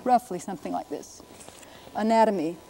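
A woman linguist presenting a televised lesson, explaining briskly and sounding out words to demonstrate them. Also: medium pitch, mellow, a little hiss or hum, rough recording. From United States.

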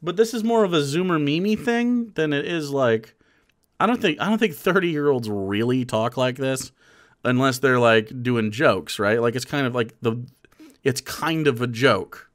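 A man's voice: medium pitch, lively intonation, moderate pace. A man in his thirties streaming live, commenting casually on a video and rambling in an incredulous way with many fillers and restarts.

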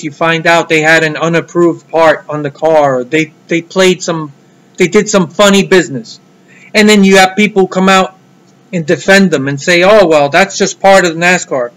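A man's voice: fairly high pitch, fairly even intonation, normal speed, fairly bright tone, rough recording. A man giving a heated, blunt solo rant about motor racing, swearing freely. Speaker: motorsport commentator vlogger.

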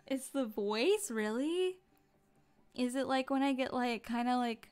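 A woman's voice: high voice, animated, unhurried, darkish tone, clean tone, soft background music. Sleepy, giggly woman streamer. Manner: giggly, rambling, apologetic. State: sleepy and tired. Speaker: live streamer. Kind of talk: casual live-stream chat.

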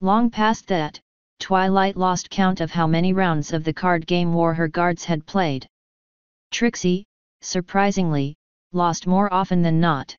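A woman reading fan fiction aloud in a measured, even storybook narration. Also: fairly low pitch, clear, resonant tone, no room sound. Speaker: fanfiction reader. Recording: dull lo-fi dry recording.

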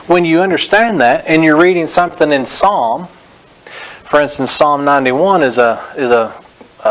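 A man preaching a Bible-teaching sermon, reading scripture slowly and stressing each phrase, then correcting common beliefs in a direct, plain way. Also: on the high side, rough recording. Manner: direct, corrective, frequent "notice". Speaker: pastor.

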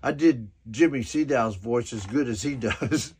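A man's voice: mid-range voice, a little mellow, breathy edge. A man in his seventies telling a folksy anecdote in a personal video message, chuckling often as he goes. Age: 70s. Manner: chuckles often, drawn-out storytelling.

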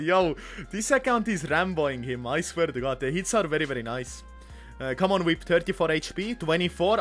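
A man giving excitable live gameplay commentary, swearing often and calling his viewers boys. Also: fairly high pitch. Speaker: gaming youtuber.

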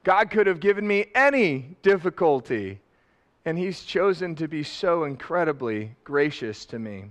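Middle-aged pastor, lively sermon delivery, big swings from loud to quiet. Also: male voice, a little high, a little slow. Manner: animated, laughing, swings from loud to soft. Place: church sanctuary.

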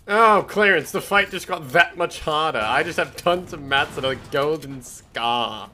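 A young man streaming live gameplay, his voice fairly high and swinging wildly up and down as he taunts opponents. He talks fast and excitably. Game noise runs clearly beneath his voice.

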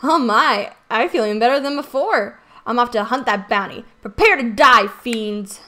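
A woman's voice: a little high, normal speed, pushed and bright. Woman voicing a plucky fighting cat. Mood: fierce. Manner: eager, bold, spirited.

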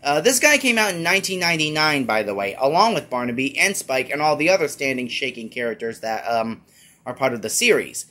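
A man's voice: mid-range voice, animated, a little fast, pushed and bright. A man giving a casual, rambling toy review with many fillers. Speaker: toy collector YouTuber.

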